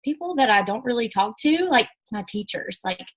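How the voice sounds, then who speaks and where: A young woman with a somewhat high voice tells her story to a business audience. She talks in a chatty, animated way and acts out the lines people said to her. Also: moderate pace, rough recording. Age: young adult. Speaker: network marketing speaker. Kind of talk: casual storytelling talk.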